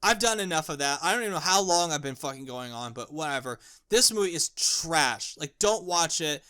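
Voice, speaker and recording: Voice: mid-range voice, animated, fairly quick, pushed and bright, clean tone. A film reviewer ranting with exasperation and profanity, repeating words and restarting lines when worked up.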